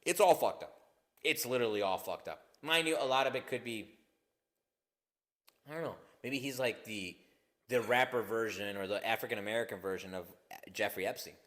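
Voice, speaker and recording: A man's voice: lowish voice, brisk. Rambling, profane man chatting on a podcast. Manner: rambling, profane, animated storytelling with laughter. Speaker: podcast co-host. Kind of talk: casual comedic chat.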